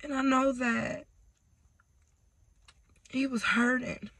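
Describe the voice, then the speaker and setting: A woman vlogger talking through tears in an emotional personal vlog. She speaks haltingly, breaks off mid-sentence and drops to near-whispers. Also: high-pitched, flat delivery, a bit bright, dry recording. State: tearful.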